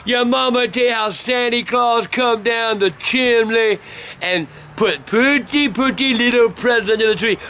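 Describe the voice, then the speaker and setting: High, bright-voiced older man. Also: measured pace, a little hiss or hum. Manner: cursing constantly, bursts into shouting. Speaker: vlog host telling stories. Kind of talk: profane storytelling rant.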